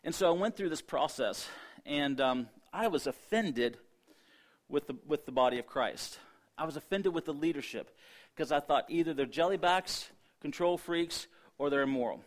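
A man's voice: fairly high pitch, normal speed. A middle-aged man from Ohio preaching, telling a personal testimony with quoted dialogue and frequent restarts. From Ohio, USA. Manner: storytelling, quotes himself and others, many restarts. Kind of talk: sermon testimony.

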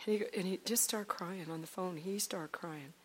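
A woman leading a ministry team, telling a faith testimony to a congregation in an animated storytelling way, moving from loud outbursts to near-whispers. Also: fairly low pitch, normal speed, slight background noise. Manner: acts out quoted dialogue, swinging from loud to hushed.

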